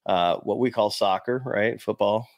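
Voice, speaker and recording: A man in his fifties from the United States, a former Marine, casually telling animated stories to camera with lots of "you know". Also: lowish voice, unhurried, gravelly, no echo, highs cut off. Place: small room before a green screen.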